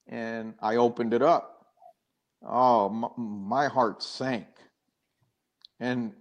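A man's voice: medium pitch, a bit bright. An older man, a guest in an interview, earnestly telling a personal story with many restarts and acted-out quoted dialogue.

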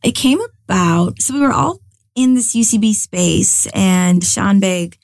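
Chatty young woman with a gravelly edge. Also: mid-range voice, a little slow, no room sound. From United States. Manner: chatty and animated, lots of filler words and restarts. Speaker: guest, actress and comedian. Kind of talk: casual interview chat.

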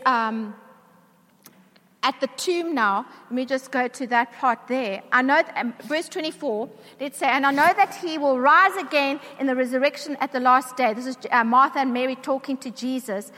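A woman's voice: sits high, fairly bright tone. A woman preacher giving a sermon to a church congregation, emphatic, asking the congregation questions. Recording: long reverb of a large hall.

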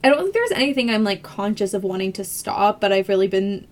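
A woman's voice: medium pitch, fast talker. A woman co-hosting a podcast, chatting casually, full of "like" fillers and restarts. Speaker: podcast co-host. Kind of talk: casual chat.

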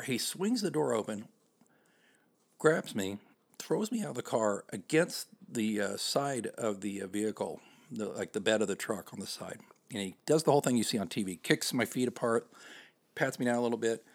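A man's voice: on the low side, lively intonation, normal speed, slightly rough. A man hosting a podcast, telling a personal story in a conversational, self-deprecating way with frequent fillers. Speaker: podcast host.

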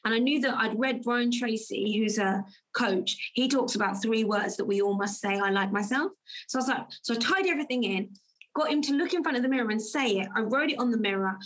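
A woman's voice: a little high, fairly quick. A woman guest in a conversation, earnestly telling a personal story and acting out the dialogue she quotes. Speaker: guest, confidence coach.

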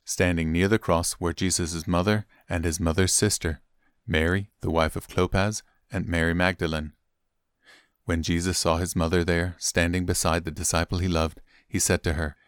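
A man reading a Bible chapter aloud in steady, clear narration. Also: sits low, dry recording, studio quality. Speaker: Bible reader. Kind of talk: scripted scripture reading.

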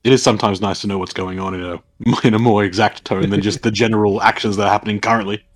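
A man's voice: fairly low pitch, fairly even intonation, fast. A man with an Australian accent making wry, joking commentary over a movie. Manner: wry, laughing asides.

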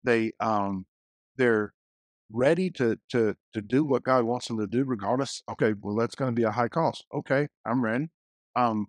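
A man, a guest minister, telling lively stories in a casual podcast conversation, full of restarts and acted-out quotes. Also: medium pitch, dry recording. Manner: storytelling, animated quotes, many restarts.

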